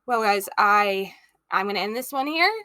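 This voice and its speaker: A young woman hosting a let's play, reading a story game aloud and reacting to it in a chatty, expressive way. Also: medium pitch, normal speed, no room sound. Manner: chatty, expressive, laughs often. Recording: voice over background music.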